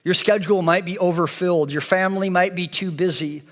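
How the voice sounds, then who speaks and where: Earnest preaching man, higher voice. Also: fairly even intonation, brisk, a bit bright, big-room sound. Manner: earnest, repetitive preaching cadence. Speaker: pastor. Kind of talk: sermon. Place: church sanctuary.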